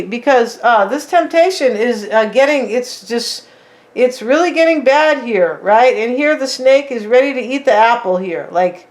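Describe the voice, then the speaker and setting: A woman with a somewhat high voice talks her viewers through a tarot spread. Her delivery is loose and chatty, full of "like" and "right?", and she speaks to the audience directly as "you guys.". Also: animated, slow pace. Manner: chatty, tags lines with "right?" and "like". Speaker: tarot reader. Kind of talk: casual tarot reading to viewers.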